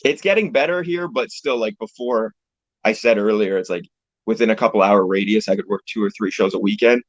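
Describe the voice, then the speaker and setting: Speaking fairly quickly in a lowish voice, this young man from Canada is a pro wrestler guesting on an interview. His laid-back, meandering talk is sprinkled with swearing, and the video call sound is dull, lo-fi and dry, without echo.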